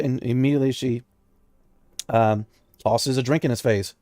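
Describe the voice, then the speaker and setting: A man's voice: mid-range voice, moderate pace, pauses often, warm tone, dry recording, clean studio sound. A man narrating a tabletop game as game master, telling the story with energy.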